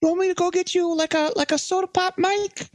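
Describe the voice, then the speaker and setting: A man's voice: very high voice, steady tone, fairly quick, dry recording, clean studio sound, pitched above the performer's own voice. A man putting on a whiny groveling old man. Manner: pleading, stammering.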